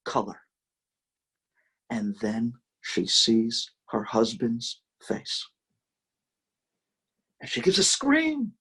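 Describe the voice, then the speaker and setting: Husky rabbi telling a story. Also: male voice, mid-range voice. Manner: dramatic, varied storytelling delivery. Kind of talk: sermon storytelling.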